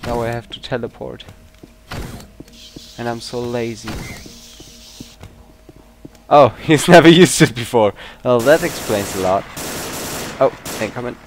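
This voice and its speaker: Slow-talking man commenting on gameplay. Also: mid-range voice. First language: not English. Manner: excitable, swears often. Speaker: let's play host. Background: game music and gunfire.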